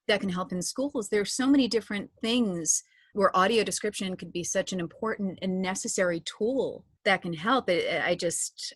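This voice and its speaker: A woman's voice: fairly low pitch, dry recording, studio quality. A woman in her thirties, an audio description narrator, telling stories in a chatty interview with many restarts. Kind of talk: casual interview talk.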